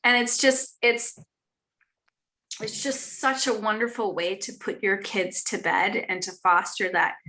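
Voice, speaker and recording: A woman's voice: medium pitch, bright, forceful tone. A woman in her thirties or forties, an author chatting earnestly on a live stream, with many fillers and restarts. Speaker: author guest. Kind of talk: casual live chat.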